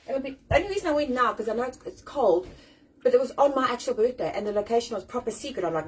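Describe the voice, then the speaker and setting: Woman, forties, South African accent, casual live chat, fast talker, swears a lot, faint background hiss. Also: medium pitch, poor audio. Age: 40s. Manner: chatty, swears freely, animated and self-deprecating. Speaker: host. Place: at home. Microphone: phone or webcam on a live stream.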